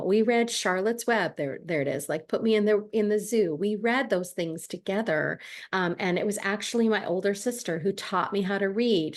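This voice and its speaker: A woman who tutors reading, talking casually to camera with lots of ums and restarts. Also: medium pitch. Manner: chatty, friendly, many ums and restarts. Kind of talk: casual advice talk to camera.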